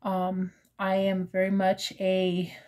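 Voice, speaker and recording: A woman in her fifties, talking in a casual personal vlog with a hesitant, halting manner full of fillers, earnest and openly emotional. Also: mid-range voice, completely flat delivery, warm tone. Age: 50s. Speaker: crochet vlogger.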